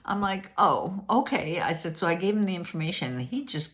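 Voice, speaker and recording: An older woman telling a story in a casual, animated way, acting out both sides of a conversation. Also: on the low side, fairly quick. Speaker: vlogger.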